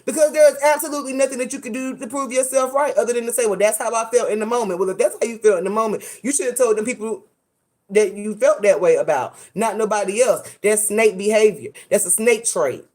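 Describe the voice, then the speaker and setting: Give me a sassy, animated woman hosting a gossip commentary vlog. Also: a little high, fast. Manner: animated, dramatic, sassy with slang. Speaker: host.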